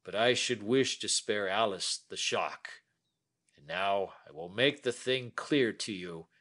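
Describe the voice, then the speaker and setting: A man voicing an aging, remorseful man who talks in a slow, heavy, pleading way. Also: fairly low pitch, a bit bright. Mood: confessing.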